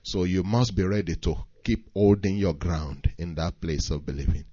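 A man's voice: moderate pace, husky, no echo. Man preaching a sermon, dull dry sound. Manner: emphatic preaching, rising high and loud when pressing a point.

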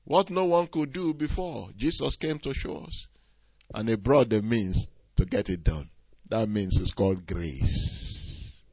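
A man preaching a sermon, swinging from quiet asides to loud, rising exhortation. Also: medium pitch, animated, unhurried, no echo. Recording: dull, slightly lo-fi dry recording.

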